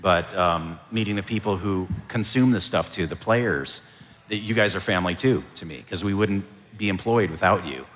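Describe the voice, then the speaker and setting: A man, a voice actor, answering audience questions at a convention panel in a relaxed, storytelling way. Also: deep voice, normal speed, slight background noise. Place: convention hall. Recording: reverberant convention hall.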